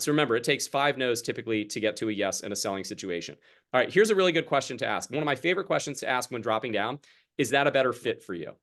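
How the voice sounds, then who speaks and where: During sales training on a group video call, a young male coach with a medium-pitched, fairly bright voice keeps things chatty and casual. He plays out conversations with customers to make his points.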